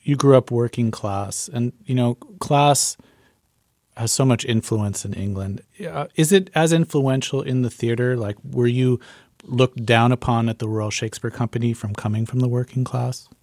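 A man's voice: mid-range voice, normal speed, darkish tone, no echo, clean studio sound. A man hosting an interview, asking friendly, casual questions with easy fillers. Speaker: interviewer, host.

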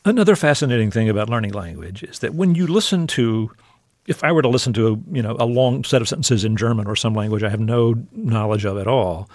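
A man's voice: mid-range voice, expressive, fast, a little mellow, dry recording, clean studio sound. A man hosting an interview, asking curious, conversational questions. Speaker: interviewer host.

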